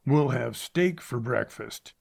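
A man voicing a surly, bearded gunman with a gruff, growling delivery. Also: medium pitch, lively intonation, slow pace, heavily acted. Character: brutish bearded male gunman, surly bully.

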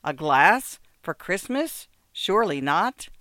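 A desperate, agitated man, as a reader puts him on, pressing with feverish questions. The voice is clean and smooth, recorded close and dry. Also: medium pitch, sing-song, slow, bright, forceful tone, dry recording, exaggerated voice. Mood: probing.

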